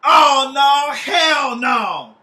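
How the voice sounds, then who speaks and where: A man voicing a young male stoner who gloats loudly and trash-talks his friend over a board game, with plenty of profanity. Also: very high-pitched, expressive, very slow, pitched above the performer's own voice, exaggerated voice. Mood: gloating. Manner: loud, mocking, profane.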